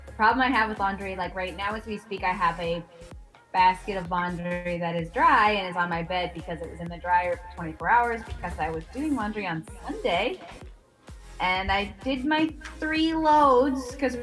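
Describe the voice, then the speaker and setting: A woman's voice: medium pitch, normal speed, fairly bright tone, faint music behind. A woman co-hosting a casual live stream from her home office, talking in a wry, chatty way. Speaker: co-host.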